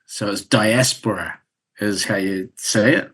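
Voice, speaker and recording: A man's voice: medium pitch, normal speed, a bit bright. A man with a New Zealand accent, a guest on a podcast, talking things through in a thoughtful, wry, rambling way. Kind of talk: casual chat.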